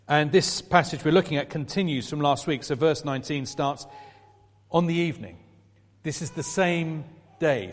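A middle-aged man delivering a sermon in a church. His voice sits a little higher than most men's, and he slips into easy, chatty asides to the people in front of him. The sound carries a long reverb from the hall. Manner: conversational, asides to the congregation. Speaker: preacher.

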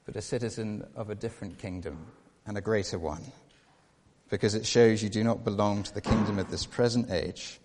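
A man preaching a sermon, earnest, with repeated rhetorical questions and shifts between hushed and emphatic delivery. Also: lowish voice, brisk, breathy edge. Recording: long reverb of a large hall.

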